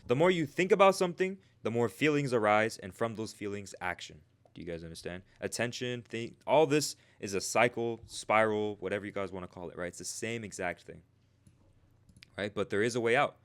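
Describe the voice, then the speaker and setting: A man's voice: lowish voice, brisk, a bit bright, smooth. A man hosting a trading livestream, teaching in a casual way, talking to chat viewers by name and tagging "right?" onto his points. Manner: conversational, keeps asking "right?". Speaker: trading stream host.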